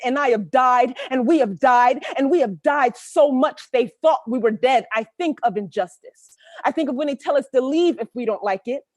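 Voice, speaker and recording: A poet from Camden, New Jersey, with a New Jersey accent, reading her spoken-word poems over a video call. She moves between rhythmic, emphatic verse and relaxed, halting chat. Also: fairly high pitch, no room sound, clean studio sound. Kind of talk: spoken-word poetry reading with casual asides.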